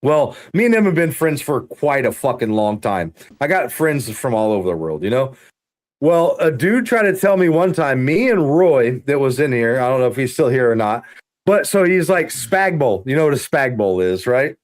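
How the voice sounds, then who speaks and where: Animated, lively-voiced man chatting casually. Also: mid-range voice, normal speed. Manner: animated, swearing storyteller. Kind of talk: casual profane chat.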